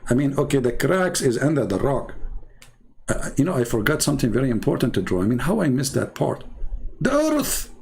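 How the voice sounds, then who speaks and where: A man's voice: medium pitch, lively intonation, quick pace, vocal fry, darkish tone, slightly rough. A man speaking in mocking, sarcastic commentary in non-native English, drawing on screen as he talks.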